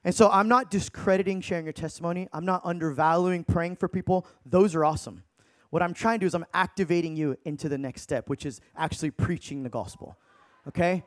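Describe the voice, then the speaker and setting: A man in his thirties preaching a sermon, telling stories in an animated, casual way with slang. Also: fairly high pitch, brisk. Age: 30s.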